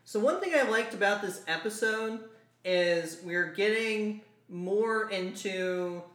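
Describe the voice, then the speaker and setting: A podcast co-host in casual chat, speaking hesitantly with many pauses and ums. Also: medium pitch, a bit bright. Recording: roomy echo.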